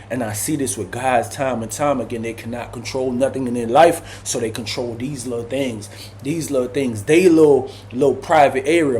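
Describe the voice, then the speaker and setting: A man telling a casual prison story in slangy, animated speech, acting out the people he quotes. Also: on the high side, slight background noise.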